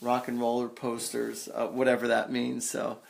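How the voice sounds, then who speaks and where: A man hosting a live psychic reading, talking in a halting, reassuring way with lots of ums and uhs. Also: mid-range voice, completely flat delivery, vocal fry. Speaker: psychic medium host. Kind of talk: live online reading session.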